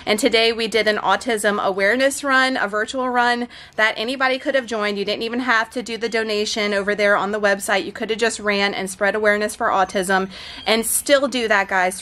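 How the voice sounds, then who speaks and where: A woman's voice: mid-range voice, fairly bright tone. A woman in her thirties vlogging from home, chatting straight to her followers in an emotional, effusive way. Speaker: fitness and keto vlogger. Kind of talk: casual vlog chat.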